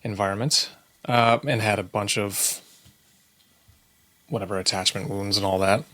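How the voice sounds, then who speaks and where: A man's voice: lowish voice, steady tone, normal speed, sharp tone, no echo. A man co-hosting a podcast, speaking in a thoughtful, hesitant way. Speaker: podcast co-host. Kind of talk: casual conversational podcast.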